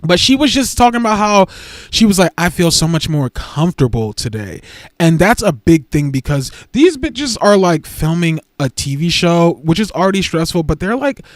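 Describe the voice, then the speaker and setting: A man hosting a casual livestream, talking in a sassy, gushing way and hopping between topics. His voice sits a little high and swings widely up and down. The sound is dry and close, with no room around it. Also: very animated, moderate pace, dry recording. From United States. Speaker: livestream host.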